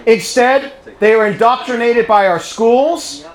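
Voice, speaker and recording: A man's voice: very high-pitched, measured pace. An English-born man with a British accent giving a political speech to a club audience, telling stories and quizzing the crowd. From England. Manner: storytelling, rallying, quizzes the audience. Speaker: guest speaker. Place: private home, live audience. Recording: echoey room.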